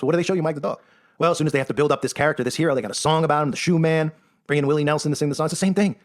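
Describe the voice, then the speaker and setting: A man giving a sarcastic, emphatic monologue, often tagging his points with "right?". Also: on the high side. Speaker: online commentator. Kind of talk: rapid-fire monologue commentary.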